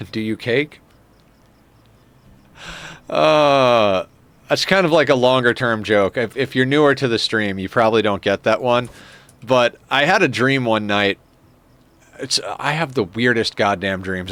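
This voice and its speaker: A male streamer of middling pitch chats his way through a game, rambling between tangents and cursing freely. He chuckles often and talks into a desk mic at home in an easy, loose manner. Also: a little slow, fairly bright tone. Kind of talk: casual live-stream game commentary.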